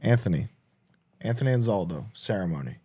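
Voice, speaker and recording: A man co-hosting a podcast in casual chat, telling stories with lots of swearing and quick restarts. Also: on the low side, slightly rough. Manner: animated storytelling, heavy swearing, frequent restarts. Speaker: podcast co-host.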